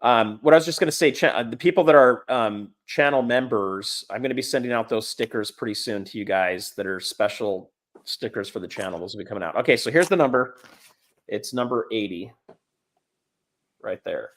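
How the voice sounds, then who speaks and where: A man's voice: lowish voice, a little fast, a bit bright. A middle-aged man hosting a casual livestream chat, rambling with fillers and restarts. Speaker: livestream host.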